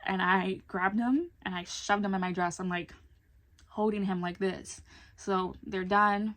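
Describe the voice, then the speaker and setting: A woman's voice: mid-range voice, fairly even intonation, measured pace, a bit bright. A young adult woman telling a personal story in a casual vlog, chatty and candid, swearing now and then. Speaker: vlogger.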